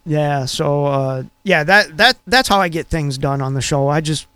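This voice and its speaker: A man with a high voice co-hosts a radio talk show and rambles through his stories, full of filler words. The sound is dry and close. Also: lively intonation, normal speed, fairly bright tone, clean tone, no echo. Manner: rambling storyteller, many fillers. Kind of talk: casual chat.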